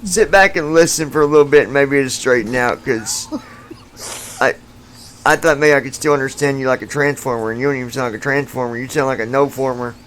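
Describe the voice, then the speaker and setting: Male co-host, mid pitch, joking banter, faint background noise. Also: a little fast, a bit bright, low-quality recording. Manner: joking, teasing. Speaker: podcast co-host. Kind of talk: casual chat.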